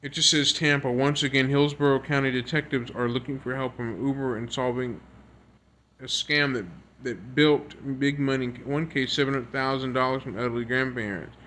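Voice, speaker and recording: Steady in tone yet pushed and bright, this medium-pitched male video creator reads news articles and comments on them earnestly and repetitively. There's a slight hiss or hum, and his delivery halts with frequent stumbles and restarts.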